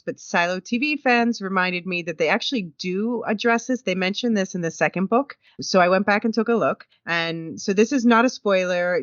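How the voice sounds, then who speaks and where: A woman's voice: on the low side, fairly bright tone, dry recording. A woman co-hosting a podcast, casually recapping and comparing book details in a thoughtful, explaining manner. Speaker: podcast co-host. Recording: dull dry lo-fi audio.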